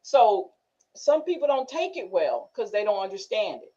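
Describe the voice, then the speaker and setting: A woman's voice: medium pitch, big pitch swings, normal speed, mellow. A woman hosting a casual group discussion, telling stories animatedly and laughing often. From northern United States. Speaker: class host. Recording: muffled lo-fi recording.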